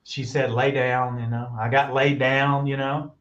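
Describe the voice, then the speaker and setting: A man in a casual chat, spinning long, lively stories and slipping into the voices of the people he quotes. His voice sits at an ordinary pitch, and the sound is muffled and lo-fi. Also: normal speed, a little hiss or hum. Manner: animated storyteller, acts out quoted voices. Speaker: guest on a talk stream. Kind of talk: casual storytelling. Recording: muffled lo-fi audio.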